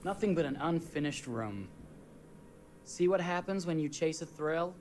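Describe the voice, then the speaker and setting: An actor playing a polite, gently teasing young husband in video game dialogue. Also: male voice, on the high side, animated, measured pace, slight background noise. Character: friendly, wry young husband on honeymoon.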